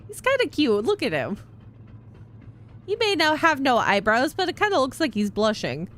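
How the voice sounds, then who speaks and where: A woman's voice: sits high, huge pitch swings, normal speed, fairly bright tone. A woman streaming a game, chatting in an amused way and reacting aloud as she plays. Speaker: VTuber streamer. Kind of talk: casual gameplay commentary.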